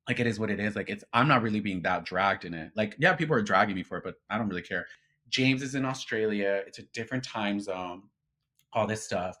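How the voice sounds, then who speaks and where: A man as an interview guest, telling a story in a casual, animated way, acting out quoted dialogue and swearing freely. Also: on the low side, quick pace.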